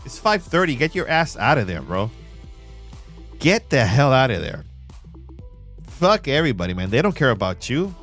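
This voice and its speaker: A man streaming live, talking through trading charts in a relaxed, slang-heavy voice of ordinary pitch. He keeps calling his viewers bro and pushes his points hard. Soft music plays quietly behind him. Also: moderate pace, pauses often. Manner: emphatic, hype-driven pitch to viewers. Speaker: livestream trading host. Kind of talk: live chart walkthrough and chat shout-outs.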